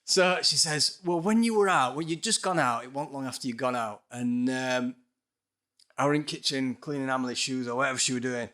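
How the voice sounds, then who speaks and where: A man tells a story as a podcast guest. His voice is bright and clear at a middle pitch. He swears freely, stays dryly skeptical and slips into the voices of the people in his story. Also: fairly quick. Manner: swearing, dry and skeptical, acts out voices in stories. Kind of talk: casual storytelling.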